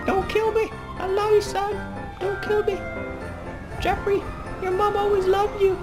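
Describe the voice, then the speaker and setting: A man putting on a shrill, desperate voice as a panicked father begging for his life. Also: completely flat delivery, unhurried, over music, rough recording. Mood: pleading.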